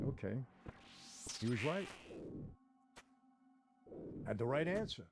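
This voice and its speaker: A man telling a dramatic first-person story, talking straight to his listeners and moving between hushed and heated tones. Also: medium pitch, sing-song, slow, pauses often. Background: music.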